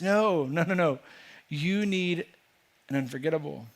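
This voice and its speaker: This pastor's voice leans high and his delivery is a little slow. He preaches to a church congregation in the sanctuary with earnest emphasis, frequently repeating himself and starting over as he works toward each point.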